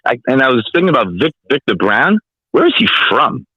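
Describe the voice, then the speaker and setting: A man's voice: mid-range voice, very animated, fairly quick, pushed and bright, breathy edge, dry recording, muffled recording. A man calling into a podcast, giving blunt opinions in a matter-of-fact way. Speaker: caller. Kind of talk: casual call-in chat. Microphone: phone line.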